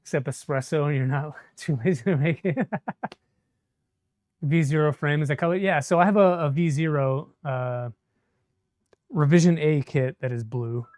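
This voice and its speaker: A man's voice: a little high, moderate pace, long pauses, darkish tone, no echo, studio quality. A man chatting casually on a live stream while he assembles a 3D printer, answering viewer comments as he works. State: a bit shaky from caffeine.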